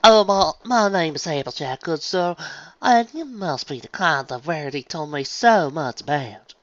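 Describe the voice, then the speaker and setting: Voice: mid-range voice, animated, normal speed, no room sound, voice pushed up, lightly acted. A reader voicing a stubborn, plainspoken country farm pony mare with a folksy drawl, on a dull lo-fi recording. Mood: polite. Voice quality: folksy southern-style drawl.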